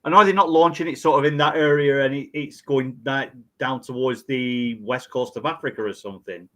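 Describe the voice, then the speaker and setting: A man's voice: medium pitch, a little fast, fairly bright tone. Rambling man, podcast co-host. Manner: rambling, many restarts. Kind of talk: casual chat.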